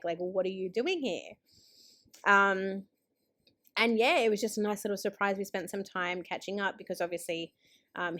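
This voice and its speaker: A woman talks in a relaxed, rambling vlog chat. She fills her sentences with little "um"s and "like"s as she goes. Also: on the low side. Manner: chatty, lots of fillers like 'um' and 'like'. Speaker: planner vlogger. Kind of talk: casual chat.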